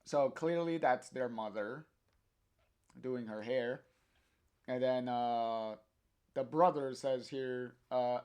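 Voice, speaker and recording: A man's voice: mid-range voice, takes it slowly, long pauses, darkish tone, clear, resonant tone. A man reading a comic aloud on a stream, narrating the panels hesitantly with many fillers.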